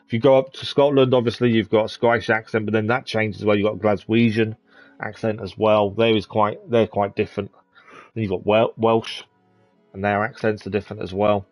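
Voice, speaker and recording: A man's voice: on the low side, level tone, a little fast, darkish tone, no echo, soft background music. A man from the East of England chatting casually as he plays a game on stream, thinking aloud with plenty of ums. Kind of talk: casual gameplay commentary.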